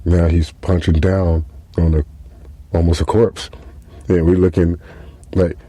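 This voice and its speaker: A man spinning a comic monologue in a loose, profane ramble, leaning on "you know" and "like". His voice sits low and mellow, recorded close and dry. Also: little pitch movement, measured pace, pauses often, husky, no room sound. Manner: casual, profane, rambling with many fillers. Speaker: podcast host. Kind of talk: comedic storytelling monologue.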